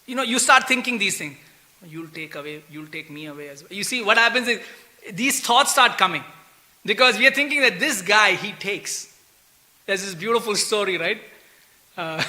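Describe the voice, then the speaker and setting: Bright, high-voiced man telling a temple story. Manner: chatty, full of "you know" and "right?", laughs while telling stories. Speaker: preacher giving a scripture class. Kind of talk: sermon with storytelling. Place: temple hall.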